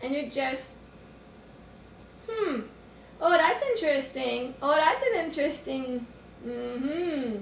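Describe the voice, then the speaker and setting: High, lively woman in an echoey room. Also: slow, gravelly, pauses often, distant mic, a little hiss or hum. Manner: thinking aloud with sudden excited outbursts; coos at her puppy. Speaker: life coach. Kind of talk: livestream self-reflection. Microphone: phone.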